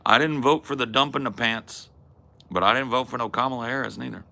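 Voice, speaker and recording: A man's voice: medium pitch, brisk, vocal fry, sharp tone. A man hosting a comedy podcast, chatting casually with crude jokes and laid-back slang. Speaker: podcast host.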